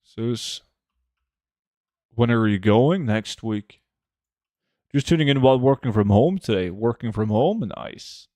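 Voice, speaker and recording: A relaxed man, chatting on a game livestream in a middle-of-the-range voice. He talks loosely, full of little fillers. The sound is dry and close, with no room around it. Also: medium pitch, takes it slowly, long pauses, no echo. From Norway. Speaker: game streamer. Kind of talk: casual livestream chat, reading chat aloud.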